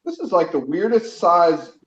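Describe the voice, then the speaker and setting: Brief: high-pitched guy, excitable streamer, roomy dull-sounding audio. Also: moderate pace. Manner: excitable, exclaims while wrenching. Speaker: co-host working on an engine. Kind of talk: casual live-stream chat. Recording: echoey room, dull audio.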